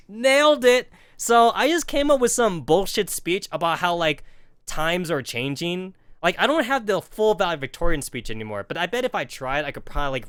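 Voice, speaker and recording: A man's voice: fairly high pitch, a bit bright, clean tone, no room sound, clean studio sound. A man in his thirties telling a rambling, profane story on a game stream, full of "like" and acted-out quotes. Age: 30s.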